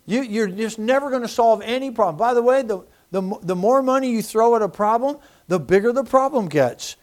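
A man with a notably high-pitched voice delivers a sermon. He preaches in an animated, personal way, stumbling and restarting phrases as he shares his own story. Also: brisk. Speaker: pastor.

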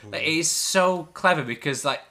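Bright-voiced man chatting on a film podcast. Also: fairly high pitch, normal speed, gravelly. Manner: laughs often, animated storytelling. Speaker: podcast host. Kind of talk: casual film podcast chat.

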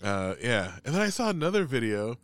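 A man's voice: mid-range voice, sing-song, fairly quick, a bit bright, no echo. A man in casual chat, telling a long story in a rambling way, full of "like" and swearing.

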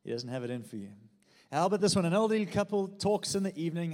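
Pastor preaching in a reverberant church. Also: male voice, a little high, fast, darkish tone. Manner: fervent preaching with jokes and audience prompts. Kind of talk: sermon.

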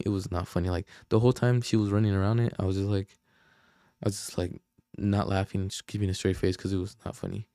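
A man's voice: low voice, steady tone, fast talker, mellow, no echo, clean studio sound. Slangy young man telling a rambling story. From Oakland, California. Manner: slangy, profane, rambling with many fillers. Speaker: podcast host. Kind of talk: casual storytelling.

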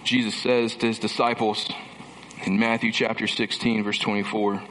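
A man's voice: lowish voice, level tone, normal speed, fairly bright tone. Man preaching in an echoing hall. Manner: emphatic, builds through repeated phrases with dry sarcastic asides. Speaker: pastor. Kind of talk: sermon. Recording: long reverb of a large hall with faint background noise.

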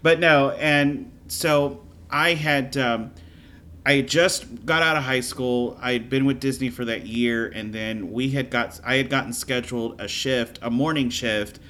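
A man from Louisiana who tells stories in a chatty, animated way during a casual interview. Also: medium pitch, a little slow.

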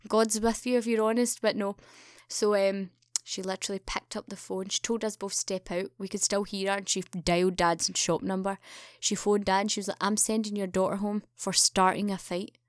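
A young woman tells a story in a lively, animated way, jumping into other people's voices for the quoted lines. Her voice sits at an ordinary middle pitch. The sound is dry and close, with hardly any room behind it. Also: moderate pace, smooth, no room sound. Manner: animated, acts out quoted dialogue with raised pitch. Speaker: podcast guest. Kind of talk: casual storytelling chat.

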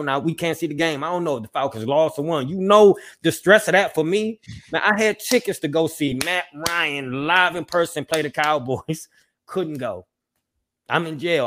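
A man's voice: on the high side, fairly bright tone. A young man co-hosting a podcast, talking in an emotional, apologetic, profane way with lots of repetition. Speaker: podcast co-host. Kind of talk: emotional personal monologue.

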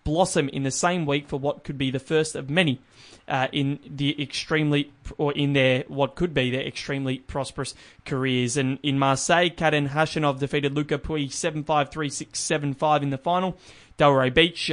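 A young man hosts a casual chat about sport. His voice sits a little high, and he rambles on, circling back with restarts and fillers. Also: steady tone, a little fast, a bit bright. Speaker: podcast host.

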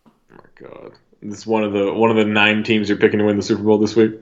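A man's voice: lowish voice, monotone, quick pace. A man co-hosting a casual podcast, sarcastic and off-the-cuff. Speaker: podcast co-host and radio host. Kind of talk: casual chat. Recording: slightly dull lo-fi sound.

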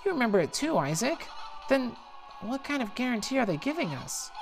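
A woman doing a squeaky, alarmed young game hero. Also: big pitch swings, a little fast, soft background music. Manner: high, agitated and questioning. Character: excitable young male hero, anxious.

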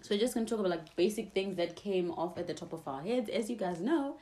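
A woman's voice: medium pitch, expressive, quick pace, mellow, slight background noise. A young woman co-hosting a casual chat podcast, giggly and rambling, recorded on a phone. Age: young adult. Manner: giggly, rambling with many likes. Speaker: podcast co-host.

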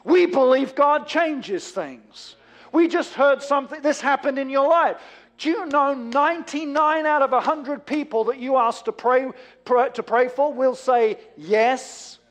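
A man, a pastor preaching a sermon, rising to emphatic bursts and then dropping low and quiet. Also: unhurried. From England.

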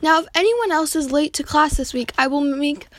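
A stern young schoolteacher, read out by a woman with a high voice, scolding the class in a homemade storybook reading. The recording is close and dry, with no room sound. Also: moderate pace, dry recording, lightly acted. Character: strict young female teacher.

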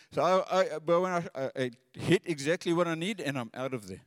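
A man's voice: fairly high pitch, expressive, moderate pace, hardly any pauses, no room sound, studio quality, in a large hall. A man preaching a sermon in an earnest, conversational way, often repeating his words.

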